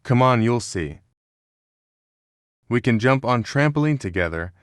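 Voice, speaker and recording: A man's voice: medium pitch, expressive, unhurried, no room sound, studio quality, natural voice. A man voicing a playful young cartoon boy who likes pranks, speaking eagerly.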